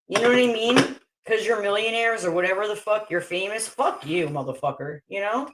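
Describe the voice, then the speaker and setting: A woman's voice: mid-range voice, normal speed, hardly any pauses, noisy background. A woman hosting a casual livestream, chatting with viewers and her dogs, swearing often and breaking into laughter. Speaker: livestream host.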